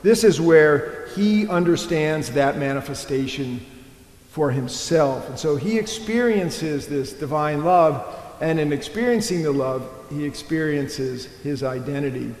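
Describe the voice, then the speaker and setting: A man's voice: a little high, expressive, measured pace, darkish tone. A man preaching an earnest, rambling sermon as a priest, often stopping to restart his thoughts. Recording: echoey church hall.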